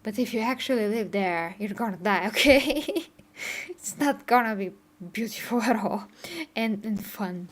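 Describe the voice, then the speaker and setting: A woman's voice: medium pitch, unhurried. A woman, chatting casually on a live stream, laughing often and answering her chat. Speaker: streamer reacting to game trailers. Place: home streaming setup in Bulgaria.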